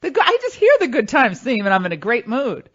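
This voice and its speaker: A woman's voice: fairly high pitch, brisk, heavy background noise. Chatty woman radio talk host. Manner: chatty, animated, jumps between asides. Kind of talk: casual on-air banter. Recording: slightly muffled radio audio.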